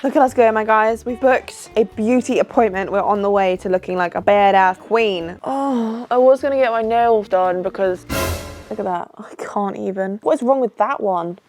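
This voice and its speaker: With music playing in the background, a British vlogger in her twenties speaks to camera at a normal pace in a mid-range voice. She's short on sleep, chatty and self-mocking, and her talk jumps between topics.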